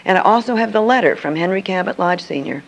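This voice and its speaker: A woman's voice: fairly low pitch, animated, quick pace, vocal fry, low-quality recording. An older woman, a Christian speaker, telling a personal story to an audience in an earnest, emphatic way.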